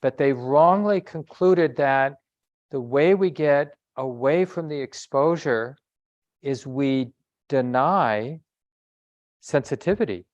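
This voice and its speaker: A man giving a dharma talk as a meditation teacher, speaking in a reflective, conversational way with pauses and self-corrections. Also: medium pitch, a little mellow, no echo, dull audio.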